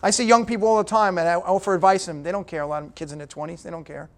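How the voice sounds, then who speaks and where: High-voiced man giving a punchy motivational talk. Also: fairly even intonation, rapid-fire. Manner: punchy, direct, talks to the audience with repeated "okay?". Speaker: guest speaker at a business breakfast. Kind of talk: motivational speech.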